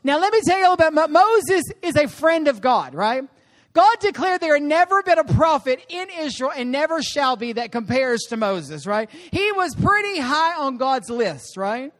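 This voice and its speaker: A woman guest preacher delivering an animated sermon, calling for responses from the congregation. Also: high voice, moderate pace. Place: church service.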